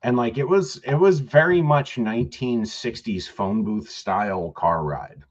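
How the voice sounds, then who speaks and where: Podcast co-host, male, husky lowish voice, loose swearing storyteller, dull lo-fi sound. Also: unhurried. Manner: rambling, profane storytelling with laughs. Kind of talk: casual podcast chat.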